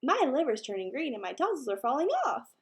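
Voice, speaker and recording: A woman's voice: sits high, sing-song, brisk. A woman voicing a cheeky little preschool boy who shows off in a singsong, playful way.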